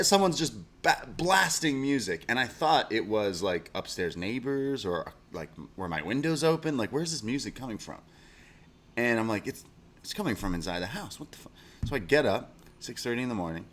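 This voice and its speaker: A man's voice: medium pitch, a bit bright. A man co-hosting a podcast, telling rambling stories in a casual chat, swearing and laughing as he goes. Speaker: podcast co-host.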